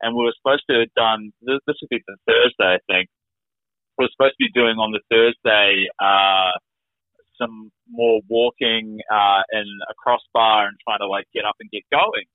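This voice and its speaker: A man's voice: on the low side, steady tone, normal speed, dry recording. A man, a guest on an interview, telling his own story in a rambling, casual way, full of "like" fillers. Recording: tinny phone-like remote call audio.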